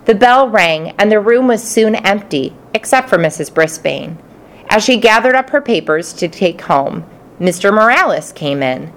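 A woman narrating a children's storybook in the first person, expressive and playful. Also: medium pitch, moderate pace. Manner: expressive, playful character voices. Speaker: audiobook narrator.

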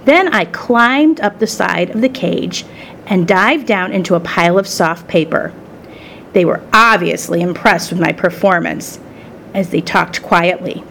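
A woman reading a children's story aloud in the first person, with expressive storytelling. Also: fairly low pitch, measured pace, gravelly, a little hiss or hum. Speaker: storybook reader.

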